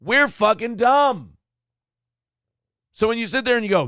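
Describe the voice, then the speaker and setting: A man's voice: very high-pitched, expressive, unhurried, pushed and bright, no echo, clean studio sound. A man hosting a comedic political show, ranting in a sarcastic, mocking and profane way. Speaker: podcast host.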